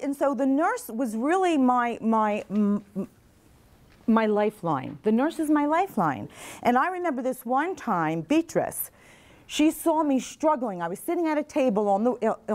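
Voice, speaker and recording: Woman, middle-aged, slightly high-pitched, earnest, questions the audience, talk to a class. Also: darkish tone. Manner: earnest, asks the audience questions, repeats their answers. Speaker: mental health advocate speaking to nursing students. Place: classroom or lecture hall.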